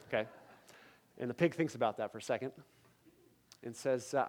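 A man's voice: medium pitch, fairly even intonation, a little fast, long pauses. A male pastor preaching a sermon at a church service, emphatic, with repeated phrases and rhetorical questions to the congregation.

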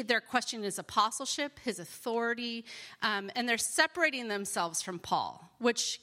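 A woman giving a conversational Bible teaching, earnest and expressive, with frequent fillers. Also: fairly high pitch.

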